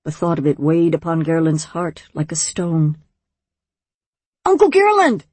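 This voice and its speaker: Woman reading an audiobook, low husky voice, dry studio sound. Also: little pitch movement, mellow, dry recording. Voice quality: measured, wry storytelling. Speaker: narrator. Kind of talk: audiobook narration.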